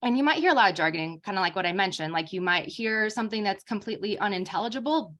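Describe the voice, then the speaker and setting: A woman's voice: lowish voice, fairly bright tone. A young adult woman giving an informal lecture as a speech therapist, talking casually with many fillers.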